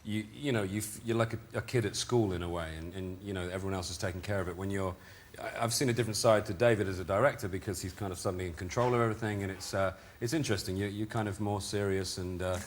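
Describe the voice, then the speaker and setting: A man's voice: lowish voice, fairly even intonation, fast. A British man speaking as a chat show guest, wry and chatty. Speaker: actor guest. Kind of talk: talk show interview.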